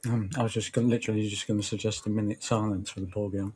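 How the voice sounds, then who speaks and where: A man co-hosting a casual livestream, trading slow, wry jokes. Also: lowish voice, flat delivery, a little mellow, a little hiss or hum. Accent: non-local accent. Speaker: livestream co-host.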